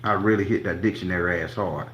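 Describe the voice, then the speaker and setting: A man's voice: low voice, quick pace, fairly bright tone, roomy sound, muffled recording, a little hiss or hum. Profane man telling a heated story. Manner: emphatic, profane, acts out every quote. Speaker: tarot reader and channel host.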